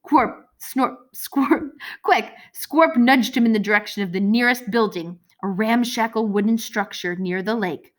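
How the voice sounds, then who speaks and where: Brief: a woman reads a children's novel aloud, expressive, at a middle pitch. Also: normal speed, hardly any pauses. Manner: lively expressive reading. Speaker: audiobook narrator. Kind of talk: scripted narration.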